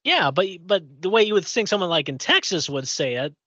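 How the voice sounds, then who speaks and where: A man's voice: sits high, big pitch swings, fairly quick, bright, forceful tone, dry recording, dull audio. A man from Indiana co-hosting a podcast, chatting casually and telling a long story with many fillers and restarts. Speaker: podcast co-host. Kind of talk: casual chat.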